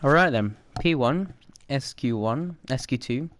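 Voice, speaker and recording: Young male streamer, excitable play-by-play of his own racing laps, engine roar behind. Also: medium pitch, a little slow, slight background noise. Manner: excitable, talks to the other drivers. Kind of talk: live racing game commentary.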